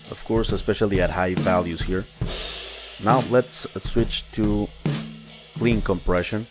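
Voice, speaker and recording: Low-voiced man hosting a plugin livestream. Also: measured pace, music in the background. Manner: relaxed, explaining with frequent fillers and restarts. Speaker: music production livestream host. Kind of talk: casual live-stream plugin demo.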